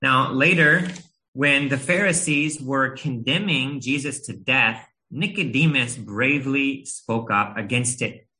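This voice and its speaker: A man in his thirties delivers a sermon, earnest and gentle, pausing now and then with small hesitations as he tells a story from home. His tone is bright and clear, sitting at an ordinary middle pitch for a man. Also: poor audio. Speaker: preacher.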